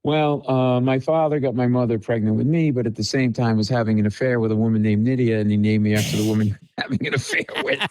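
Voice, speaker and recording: A man's voice: mid-range voice, fast talker, few pauses, no room sound, low-quality recording. A man, a comedian, telling stories on a podcast and acting out the dialogue in them. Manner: animated storyteller, acts out dialogue. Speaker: comedian guest. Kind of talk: storytelling podcast chat.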